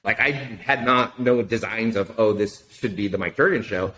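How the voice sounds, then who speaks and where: A middle-aged man telling a story casually in an interview, animated and profane, acting out the dialogue. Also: fairly low pitch, normal speed. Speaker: podcast guest, wine consultant.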